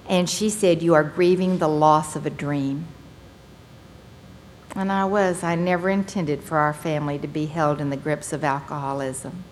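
A middle-aged woman tells her recovery story to a meeting, earnest and folksy with animated bursts. Her voice sits on the low side for a woman. A faint noise runs under the recording. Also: normal speed. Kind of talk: personal testimony talk to a meeting.

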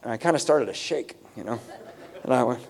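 A man of around fifty telling a comic story live, self-mocking and animated, acting out the voices in it. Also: medium pitch, fairly quick, gravelly, slight background noise.

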